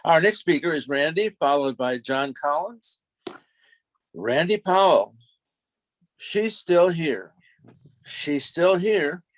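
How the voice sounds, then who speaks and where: Male meeting host, slow unhurried delivery, dry close sound, introducing speakers. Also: fairly high pitch, animated, no room sound.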